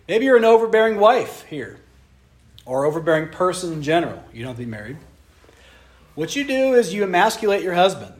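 A young man preaching a sermon on marriage to a live audience, animated and conversational, acting out little voices as he goes. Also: sits high, normal speed, pauses often. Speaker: pastor.

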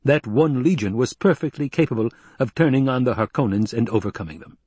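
A man narrating an audiobook in a measured, steady way. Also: medium pitch, husky, no room sound.

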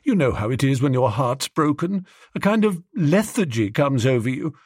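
A man voicing a lovesick young gentleman who talks earnestly and anxiously. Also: mid-range voice, big pitch swings, normal speed, husky, dry recording, studio quality. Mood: fretful. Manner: earnest, fretful, pleading.

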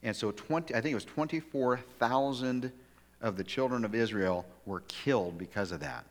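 A man preaching a sermon in a church, with an ordinary mid-range pitch. He tells the story in an animated way and often stops to restart a phrase. The sound trails off in a long reverb around him. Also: moderate pace. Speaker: pastor. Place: church sanctuary.

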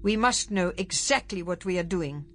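A woman voicing a cautious male government secretary who gives firm, measured orders. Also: lowish voice, lively intonation, fairly bright tone, slight background noise. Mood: firm caution. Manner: measured, authoritative.

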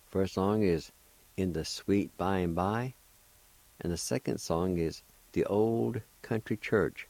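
A man with a very low, deep voice teaches a language on the radio, breaking words into syllables and repeating them carefully. He speaks slowly and deliberately. The sound is dry and close. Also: vocal fry, a little mellow, no room sound.

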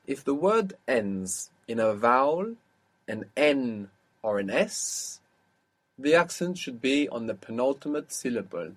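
Man, language tutor, patient, step-by-step explanations, mid-pitched voice. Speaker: language teacher. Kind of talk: one-on-one language lesson.

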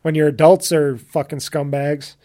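A man co-hosting a casual podcast, blunt and dismissive, with plenty of swearing. His voice sits a little high for a man. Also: flat delivery, moderate pace, dark tone. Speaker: podcast co-host. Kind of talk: casual chat.

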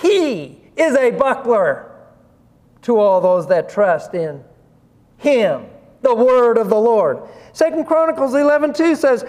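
A man's voice: very high voice, very animated, slow pace, a little mellow. A man preaching a sermon, asking rhetorical questions and chuckling between points. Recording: long hall reverb.

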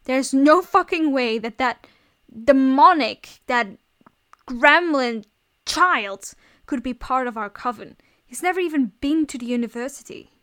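Woman doing a scornful young guy, flat and sharp-tongued, high-ish voice, read-aloud story. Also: a little slow. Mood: furious. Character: scornful young man, flat then furious.

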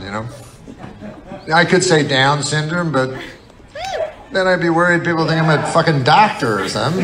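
Deadpan rambling male stand-up comic. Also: medium pitch. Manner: deadpan, rambling, mock-earnest with sudden outbursts. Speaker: stand-up comedian. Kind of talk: stand-up comedy set. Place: live comedy venue with laughing audience. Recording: live stage recording with crowd laughter and noise. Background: audience laughter.

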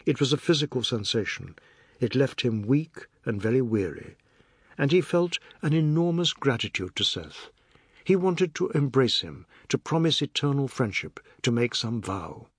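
A man narrating a novel as an audiobook in a measured, expressive reading. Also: mid-range voice, slightly rough, dry recording, studio quality.

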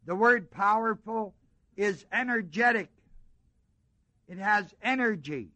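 A man's voice: high voice, expressive, slow, pauses often, pushed and bright, no echo. A middle-aged man preaching a sermon, asking the congregation questions and driving points home with repetition. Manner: call-and-response questions to the congregation, emphatic repetition.

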